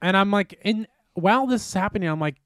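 A young man with a somewhat high voice tells a long, loose story in a casual podcast chat. He rambles, swears freely and leans on "like" while he talks. The sound is dry and close to the mic. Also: animated, quick pace, a bit bright, dry recording. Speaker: podcast co-host.

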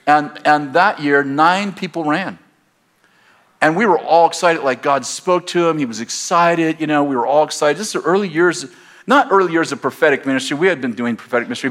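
In a church, a pastor with a fairly high male voice tells a personal story during his sermon. He animatedly acts out both sides of the conversation.

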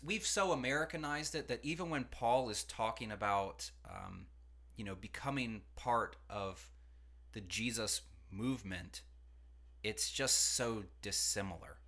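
Bright-voiced man teaching casually. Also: medium pitch. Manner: conversational, animated, acts out quotes. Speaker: pastor and podcast host. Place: studio.

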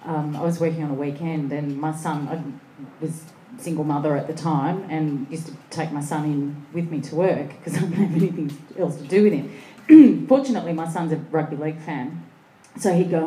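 A woman on a discussion panel, telling lively anecdotes and acting out the voices of the people in them. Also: sits low, moderate pace, few pauses, roomy sound, a little hiss or hum, poor audio. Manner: animated anecdotes, acts out voices.

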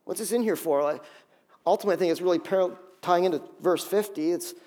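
A middle-aged male pastor giving an animated sermon, acting out scenes with quick voices. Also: high-pitched.

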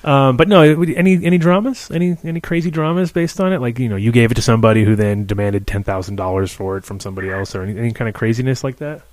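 A man's voice: mid-range voice, quick pace, hardly any pauses, darkish tone, dry recording. A man hosting a podcast, joking and laughing easily while throwing in short reactions. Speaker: podcast host. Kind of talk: casual chat.

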